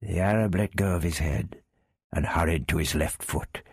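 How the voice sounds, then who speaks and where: Deep husky guy reading an adventure story, dry close sound. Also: normal speed, no echo. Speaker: narrator.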